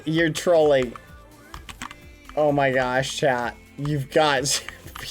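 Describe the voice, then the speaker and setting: A streamer in casual live-stream gaming chat, talking straight to viewers and swinging from groans to high shrieks. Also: fairly even intonation, slow pace, long pauses, soft background music.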